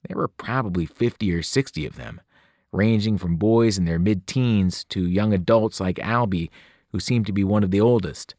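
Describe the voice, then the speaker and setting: A man, a teacher, reading a novel aloud with expressive narration. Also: fairly low pitch, normal speed, no echo, clean studio sound. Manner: expressive, voices the characters. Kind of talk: audiobook narration.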